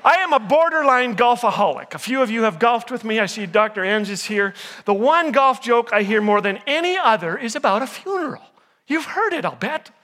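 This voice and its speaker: An older man giving a humorous sermon to a live audience, telling jokes and stories and teasing the crowd when jokes fall flat. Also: very high-pitched, fairly quick, in a large hall. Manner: jokey storyteller, teases the audience. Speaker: chapel speaker.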